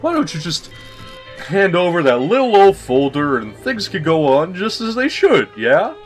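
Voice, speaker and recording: A man voicing a sneering male villain in a game, taunting with a mocking, drawn-out, theatrical delivery. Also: high voice, very animated, faint music behind, pitched above the performer's own voice. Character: sneering, sing-song male villain taunting a night guard.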